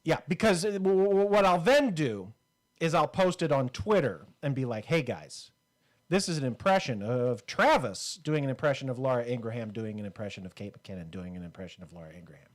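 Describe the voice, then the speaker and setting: A man's voice: medium pitch, lively intonation, a little fast. Rambling, joking man podcast host. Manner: rambling, joking, with frequent fillers. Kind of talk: casual comedy podcast banter.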